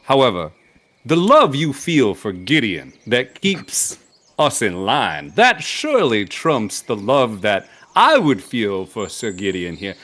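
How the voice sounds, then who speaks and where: Man voicing a roguish adventurer, coaxing, flowery, lively intonation. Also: mid-range voice, slow, heavily acted. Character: smooth-talking roguish male adventurer, persuasive. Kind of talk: tabletop role-play.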